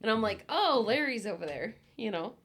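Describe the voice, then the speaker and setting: A woman's voice: a little high, animated, moderate pace, fairly bright tone. A woman chatting casually, reacting to stories and adding her own. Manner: chatty, reacts with laughs and exclamations. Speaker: podcast co-host. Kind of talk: casual chat.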